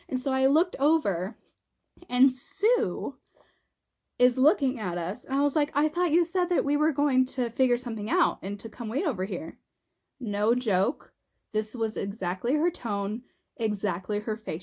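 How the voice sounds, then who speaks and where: A woman's voice: fairly high pitch, normal speed. A young woman vlogger chatting through a funny story while doing her makeup, acting out what people said and laughing often. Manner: animated, laughing, acts out quotes. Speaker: beauty vlogger.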